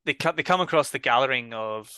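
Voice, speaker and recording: A Northern Irish man co-hosting a casual review chat, relaxed, with short agreeing remarks and swearing. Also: medium pitch, fast talker, clear, resonant tone, dry recording. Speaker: podcast co-host.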